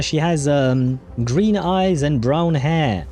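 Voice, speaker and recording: A man hosting a livestream, casually commenting on a game as he plays, chatty and quick to laugh, with occasional swearing. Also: on the high side, mellow, faint music behind. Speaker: livestream host playing a game.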